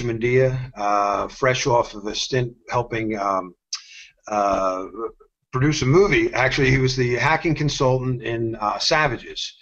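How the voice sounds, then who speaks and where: Gravelly, husky man telling stories. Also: medium pitch, muffled recording. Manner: animated, acts out quoted voices in stories. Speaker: security instructor. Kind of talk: casual interview storytelling.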